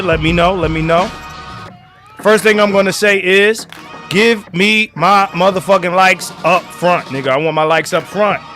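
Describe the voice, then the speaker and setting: A man hosting a casual livestream, loud and profane, now and then dropping to a low mutter. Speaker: livestream host.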